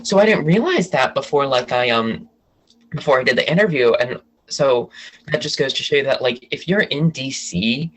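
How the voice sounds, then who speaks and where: On a poor-quality recording, a Washington DC-area podcast guest chats about gossip with lively intonation, a medium pitch and a moderate pace. He's rambling and self-correcting, restarting his thoughts again and again.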